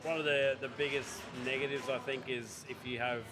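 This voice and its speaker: A man gives relaxed live commentary at a pinball club, chatty and full of small hesitations. His voice sits at an average pitch for a man. Loud music plays behind him. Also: normal speed. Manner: chatty, hesitant with frequent ums. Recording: music playing loudly behind.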